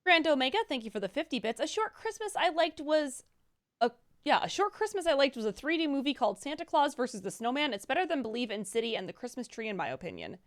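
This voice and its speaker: High, lively woman reading viewer messages. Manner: brisk, upbeat, stumbles over hard names. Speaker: co-host reading viewer donations. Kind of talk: reading out chat messages on a live stream.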